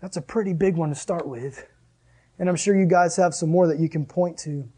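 A man with a high voice preaches a sermon as a pastor. He is animated and jokey, laughing between points. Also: brisk, slightly rough.

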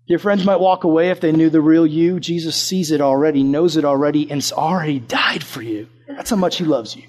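A man's voice: on the high side, fairly quick, darkish tone. A young man preaching a casual sermon, telling a personal story with acted-out quotes.

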